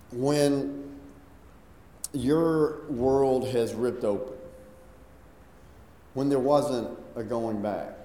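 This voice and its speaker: A middle-aged male pastor preaching a sermon in a relaxed, conversational storytelling way. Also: medium pitch, a little hiss or hum. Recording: echoey hall from far off.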